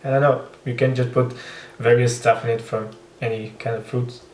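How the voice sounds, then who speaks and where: A man's voice: mid-range voice, flat delivery, a little mellow, distant mic, a little hiss or hum. Romanian man reacting, echoey room. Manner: halting, thinking aloud with fillers. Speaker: reaction video host. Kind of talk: casual reaction commentary.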